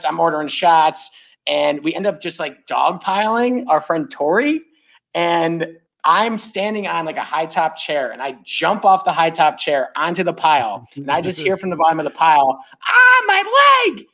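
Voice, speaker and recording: A man's voice: fairly high pitch, normal speed. A man from New York State, a fan club chapter president, chatting as a podcast guest and telling long, rambling stories full of "like". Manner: rambling storyteller, heavy use of "like". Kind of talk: casual podcast chat.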